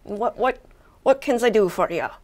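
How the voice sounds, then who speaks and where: A woman voicing a small male goblin who puts on a gruff pirate drawl. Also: mid-range voice, animated, moderate pace, voice pushed up, close to an everyday voice.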